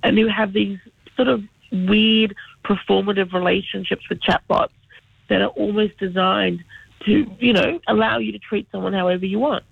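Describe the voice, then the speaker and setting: High gravelly guy on a tinny phone line, dry close sound, chatty and opinionated. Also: fairly even intonation, moderate pace, no room sound. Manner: fluent, opinionated, explanatory. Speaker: regular radio contributor. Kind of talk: casual radio chat by phone.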